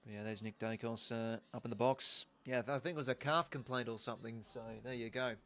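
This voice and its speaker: A man's voice: medium pitch, steady tone, a little fast, bright, forceful tone. A young Australian man hosting a live football watch-along, chatting casually with viewers and thanking them as he goes. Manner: chatty and easygoing, thanking viewers, many restarts. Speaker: livestream host.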